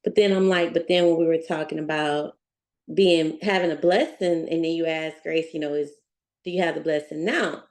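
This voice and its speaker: A woman's voice: low-pitched, fairly even intonation, moderate pace, darkish tone. Woman thinking her question through aloud. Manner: thoughtful, working it out aloud. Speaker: class participant. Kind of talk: question in a group discussion.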